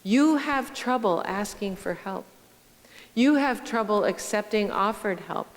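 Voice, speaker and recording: A middle-aged woman pastor giving a sermon, telling stories slowly and reflectively and speaking straight to her congregation. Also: mid-range voice, lively intonation. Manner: slow, reflective storytelling with direct address to the congregation. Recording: long church reverb.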